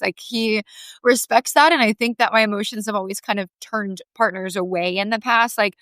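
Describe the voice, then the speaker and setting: A young woman guest on a podcast, telling a personal story in a heartfelt, animated way with lots of "like". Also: fairly high pitch, normal speed, creaky, no room sound.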